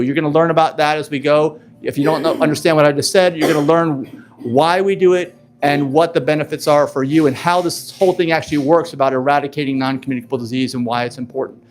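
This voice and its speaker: A man in his fifties hosting a live event presentation, talking in an upbeat, chatty, loose and rambling way. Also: on the high side. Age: 50s. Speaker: event host.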